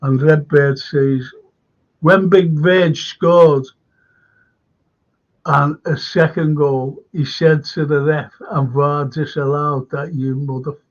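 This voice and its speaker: Scouse guy hosting a live stream, slow easy talk, bit high voice, reading out comments, muffled lo-fi sound. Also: little pitch movement. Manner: chatty, reads viewer comments aloud, laughs often. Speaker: host.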